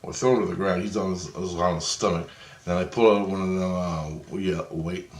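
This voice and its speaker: A man casually telling a rambling, excitable story and swearing freely as he goes. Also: low voice, moderate pace. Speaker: vlogger. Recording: echoey room.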